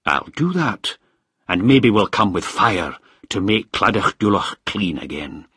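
A man voicing a dependable, grim male villager who speaks slowly and gravely in a storybook. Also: fairly low pitch, sing-song, pushed and bright, no room sound, clean studio sound, heavily acted.

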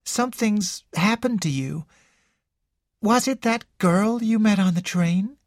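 An audiobook reader voicing a worn-down young woman who pleads in an emotional, hopeless way, pitched well above the reader's own voice. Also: takes it slowly, dry recording, clean studio sound, lightly acted. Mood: desperate.

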